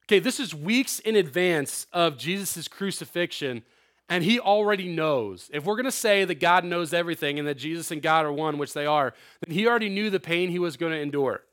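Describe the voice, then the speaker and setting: A young man preaching a sermon to a youth group, conversational and animated, with frequent asides. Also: fairly high pitch, brisk. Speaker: youth pastor.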